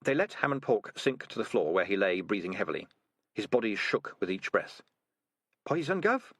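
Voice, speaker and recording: A man narrating a fantasy storybook with expressive, lively intonation. His voice sits low, and the recording is close and dry with no room sound. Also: brisk, no room sound. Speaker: audiobook narrator. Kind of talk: scripted narration.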